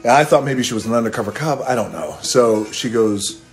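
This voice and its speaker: A man's voice: medium pitch, animated, fairly quick, soft background music. A middle-aged man casually telling a rambling story on a phone live stream, swearing offhandedly and breaking into bits of song. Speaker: livestream host telling a story. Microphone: phone camera.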